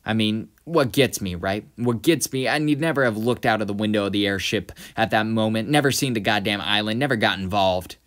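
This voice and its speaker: A man reading aloud the lines of a bitter, drunken aging male vigilante who is breaking down, louder and slower than his own talk, with a lowish voice. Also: close to an everyday voice.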